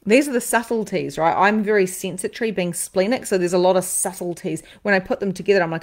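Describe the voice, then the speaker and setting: A woman psychic medium and podcast host talking live to her viewers, animated, repeating phrases for emphasis and swearing freely. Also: medium pitch, a little fast. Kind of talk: live-stream talk to viewers.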